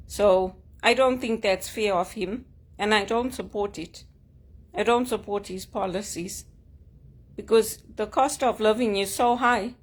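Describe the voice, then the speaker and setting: A woman vlogging at home, talking frankly and with grievance in short emphatic statements. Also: mid-range voice. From Zimbabwe. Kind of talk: personal vlog monologue. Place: at home, sitting on a couch.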